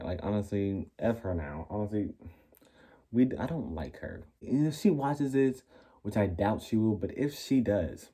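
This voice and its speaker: A young man vlogging, telling a school story in a casual, sassy, animated way and acting out what people said. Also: on the low side. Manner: animated, sassy, acts out quoted lines.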